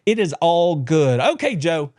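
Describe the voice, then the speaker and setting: A man's voice: a little high, big pitch swings, a little slow, a little mellow. A man hosting a live sports podcast, talking in a folksy, teasing way. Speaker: podcast host. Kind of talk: casual live show chat.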